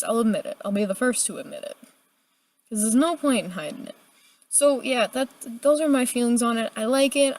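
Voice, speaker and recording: Chatty young woman reviewing a play. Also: fairly high pitch. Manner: chatty and animated, full of "like" and casual swearing. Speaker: book reviewer. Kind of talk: casual video review.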